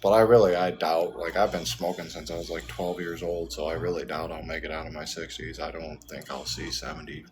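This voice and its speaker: Low-voiced man in his thirties rambling. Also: little pitch movement, fairly quick, hardly any pauses, noisy background. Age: 30s. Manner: rambling, laughs often, swears freely. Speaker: livestreamer. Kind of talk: casual profane live chat. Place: hotel room.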